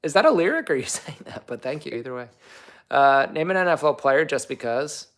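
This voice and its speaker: A man's voice: a little high, expressive, a little fast, a bit bright. A young man hosting a casual livestream, answering viewer comments in a rambling, chatty way full of fillers. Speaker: livestream host and actor.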